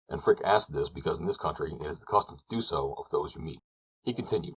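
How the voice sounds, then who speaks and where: A man narrating a classic novel as an audiobook, in a measured, descriptive storytelling manner. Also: sits low, fairly bright tone, husky, low-quality recording.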